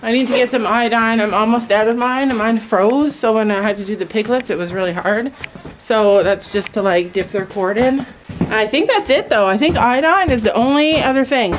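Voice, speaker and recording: A woman's voice: moderate pace, a little hiss or hum. A middle-aged woman chatting casually on her farm, talking to her goats while filming. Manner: chatty, voices her goats in squeaky high tones. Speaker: vlogger. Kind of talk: casual farm vlog chat.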